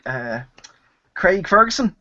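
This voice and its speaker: Bright-voiced Dublin man telling stories. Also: sits high, big pitch swings, slow, dry recording, highs cut off. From Ireland. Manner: rambling storyteller, many fillers and restarts. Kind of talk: casual video chat.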